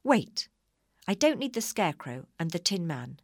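Cruel old witch, a woman reading her, shrill and commanding, lively swings. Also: brisk, vocal fry, dry recording, studio quality, full character voice. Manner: shrill, barking orders. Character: cruel one-eyed old female witch.

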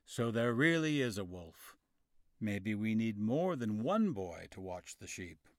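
A man's voice: fairly low pitch, very animated, unhurried, dry recording, studio quality. A man voicing a stern village father in a storybook reading, speaking firmly and scolding. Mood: calm. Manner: firm and scolding.

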